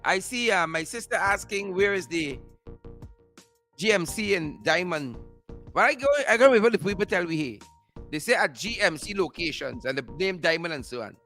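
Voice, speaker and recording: A man's voice: high voice, lively intonation, moderate pace, sharp tone, soft background music. A man hosting a political commentary show, mocking and repeating phrases for emphasis. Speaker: show host.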